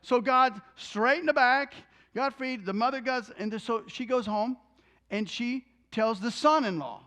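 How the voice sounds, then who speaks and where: A minister telling a healing testimony in an animated storytelling way, acting out the people in the story and tossing in joking asides. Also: male voice, very high-pitched, a little slow.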